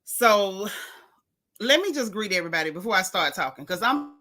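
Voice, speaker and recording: A woman's voice: medium pitch, sing-song, moderate pace, pushed and bright. A woman hosting a casual livestream, chatting and greeting viewers by name. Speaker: livestream host.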